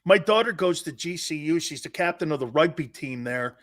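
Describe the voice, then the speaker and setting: A middle-aged man hosting a sports talk show, brash and jokey, loud and given to repeating himself. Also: a little high, animated, brisk.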